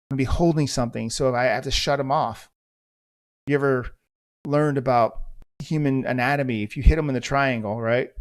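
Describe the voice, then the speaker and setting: A middle-aged man from the United States, a former police officer hosting a podcast, telling a story in a blunt, intense, profane way. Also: medium pitch. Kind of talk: storytelling monologue.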